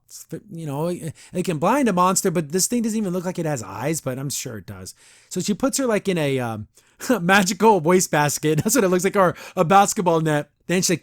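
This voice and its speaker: A man with a fairly high voice talks through a cartoon episode, loose and chatty, acting out the characters' lines as he goes. His sound is dry and close, with no room around it. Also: a little fast, dry recording. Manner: rambling, animated, with frequent restarts and acted-out quotes. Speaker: podcast host reviewing a cartoon episode. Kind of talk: casual episode review.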